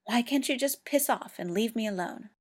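A woman's voice: on the high side, expressive, moderate pace. A woman voicing a grieving, prickly former soldier who talks in terse, defensive bursts. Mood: angry.

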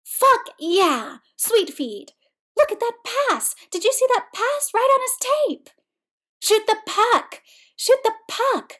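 A rowdy, cocky male hockey fan hollering from the stands, as a woman reads him. The voice is pitched high and bursts with exuberant shouting. This is a storybook reading. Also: expressive, moderate pace. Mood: rowdy cheering.

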